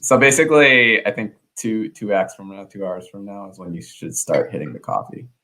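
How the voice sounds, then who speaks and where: Lively joking male guest. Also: on the low side, normal speed. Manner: joking, energetic. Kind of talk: casual chat.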